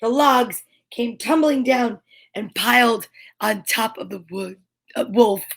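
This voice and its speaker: A woman telling a fairy tale aloud in a slow, playful comic reading with little asides. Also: a little high, vocal fry. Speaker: storyteller. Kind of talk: comic storybook narration.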